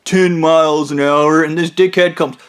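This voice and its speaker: A man's voice: on the high side, steady tone, normal speed, clean tone. A man telling a crude comic story in a profane, blunt and mocking way. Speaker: storyteller comedian.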